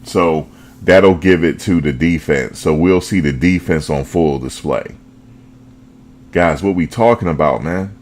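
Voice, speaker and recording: A man hosting a fan show, talking football in a casual, animated way, full of slang and repetition. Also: extremely low pitch, unhurried. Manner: animated, repeats himself, slangy.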